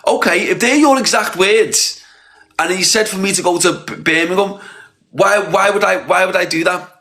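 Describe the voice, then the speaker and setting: A man's voice: high voice, normal speed, pushed and bright. A man from Liverpool with a Scouse accent, ranting in a livestream call-out, repeating himself and swearing. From Liverpool, England. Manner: repetitive, confrontational, swearing. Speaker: live streamer.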